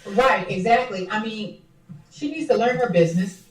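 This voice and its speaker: A woman co-hosting a podcast who chimes in with quick agreement and indignant questions. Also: medium pitch, far from the mic. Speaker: podcast co-host. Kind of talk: casual chat. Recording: echoey room, off mic.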